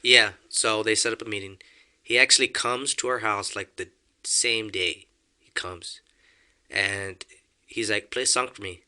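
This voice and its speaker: A man's voice: on the low side, steady tone, a little slow, pauses often, sharp tone, clean tone. A young man telling a story in casual conversation, acting out quotes and laughing often. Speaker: podcast guest.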